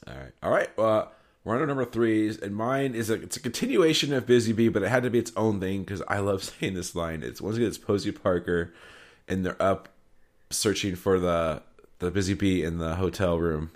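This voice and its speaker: A man's voice: low-pitched, fairly quick. A man hosting a casual podcast countdown, chatting loosely and swearing now and then. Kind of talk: casual chat.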